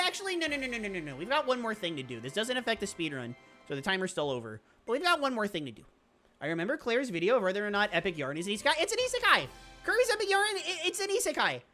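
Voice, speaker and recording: A speedrunner giving excitable, rambling commentary over gameplay, with quick laughs and self-interruptions. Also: medium pitch. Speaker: speedrunner streamer.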